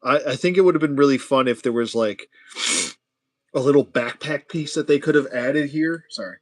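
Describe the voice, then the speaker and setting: A man casually chatting and joking to himself as he builds toy figures on a livestream, sometimes dropping to a hushed whisper. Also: medium pitch, normal speed. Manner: chatty, jokey, talks to himself while building. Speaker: toy collector host.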